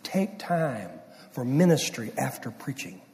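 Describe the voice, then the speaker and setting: A middle-aged man preaching a sermon, swinging from loud emphasis down to hushed near-whispers. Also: medium pitch, very animated, a little slow. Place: church sanctuary. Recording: distant mic with long hall reverb.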